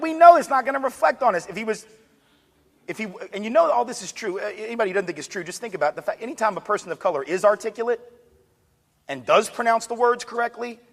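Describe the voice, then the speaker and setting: A man giving an energetic public lecture with joking asides. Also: sits high. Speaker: speaker on diversity. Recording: long hall reverb.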